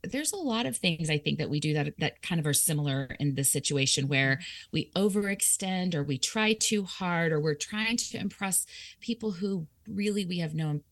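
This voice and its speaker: Her voice fairly low and her speed normal, a female author guest recounts a personal experience in conversation, laughing frequently and voicing her own thoughts aloud in a lively way. No room sound is audible.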